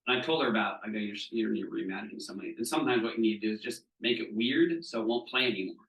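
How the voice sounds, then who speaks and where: A man's voice: medium pitch, lively intonation, racing, muffled recording. A man from Southeast Florida who teaches a training group and acts out the people in his stories, often asking "right?". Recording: echoey room, mic at a distance.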